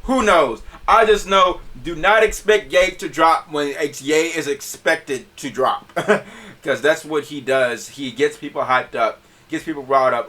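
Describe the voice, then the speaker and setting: A man hosting a podcast in a casual, animated way, often laughing and repeating himself. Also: fairly high pitch, unhurried. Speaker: podcast host.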